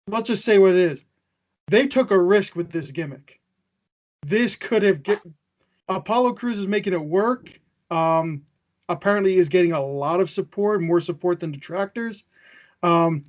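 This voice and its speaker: Blunt man with a very high voice. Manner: blunt and emphatic. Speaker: wrestling podcast panelist. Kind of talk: casual panel chat.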